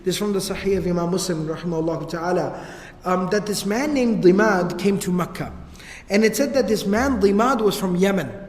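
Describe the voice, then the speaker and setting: A man gives a casual, slangy religious history lecture. His voice is fairly high. It carries through a large hall with a long, roomy reverb. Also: fairly quick. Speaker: religious teacher.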